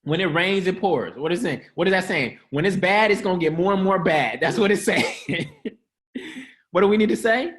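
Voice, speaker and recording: Male preacher-host, fairly high voice, upbeat motivational talk, playful and slangy, quick laughs, keeps quizzing the crowd. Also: animated, a bit bright. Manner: casual, slangy delivery. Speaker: host of an online church-style teaching.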